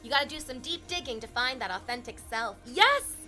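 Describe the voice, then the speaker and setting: Bright-voiced candid woman streamer. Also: a little high, lively intonation, quick pace, soft background music. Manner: candid, emotional, laughs loudly, swears freely. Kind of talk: casual chat with stream chat.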